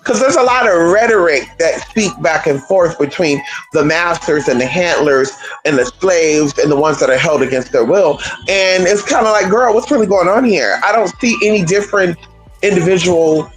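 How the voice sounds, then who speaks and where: A livestream host ranting to viewers in an animated, rhetorical way, firing off question after question and swearing freely. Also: mid-range voice, moderate pace, faint music behind, rough recording. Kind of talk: livestream rant.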